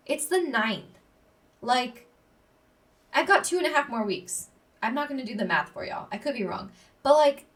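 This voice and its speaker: Brief: young woman, podcast host, gushing and chatty, higher voice, distant mic. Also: a bit bright. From Texas. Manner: bubbly, gushing, filler-heavy. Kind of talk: casual solo podcast chat.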